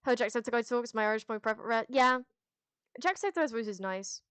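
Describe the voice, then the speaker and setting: A woman's voice: on the high side, expressive, a little fast, a bit bright, clear, resonant tone, no room sound. A woman streamer on a headset, chatting casually with her chat in a rambling, candid way, full of restarts and the odd swear. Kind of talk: casual livestream chat, answering chat.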